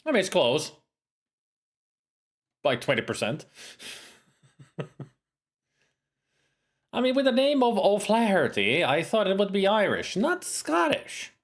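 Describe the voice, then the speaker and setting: Animated man giving let's-play commentary. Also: high-pitched, measured pace, long pauses. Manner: chatty, animated, jokey. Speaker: streamer playing a game.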